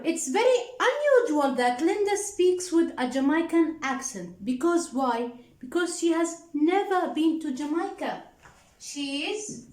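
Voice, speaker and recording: Slow high-voiced woman teaching English. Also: darkish tone, reverberant, poor audio. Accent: Arabic-speaking. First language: Arabic. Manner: slow, repeats answers and prompts with "what?". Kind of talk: classroom lesson, workbook answers. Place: classroom with a board.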